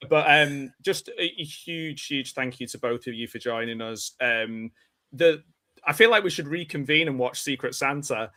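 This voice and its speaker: A man's voice: medium pitch, moderate pace, bright, forceful tone, dry recording. A man hosting an interview show, wrapping up casually with many ums and restarts. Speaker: host of the channel.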